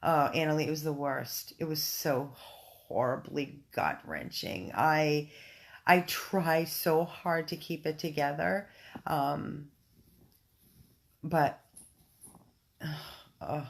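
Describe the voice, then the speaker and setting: Woman, low pitched, gravelly, unhurried, effusive livestream chat, full of ums, recorded on a phone at home. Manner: chatty and effusive, many ums and restarts. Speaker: dog rescue volunteer hosting a livestream. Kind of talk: casual livestream chat, reading viewer comments.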